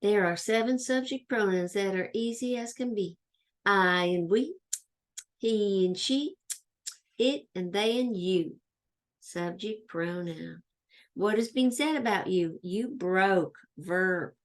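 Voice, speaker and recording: Slow, sing-song woman teaching grammar. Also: mid-range voice. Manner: slow, chanting question-and-answer drills; plays a pretend student asking herself questions. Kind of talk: grammar lesson for young children.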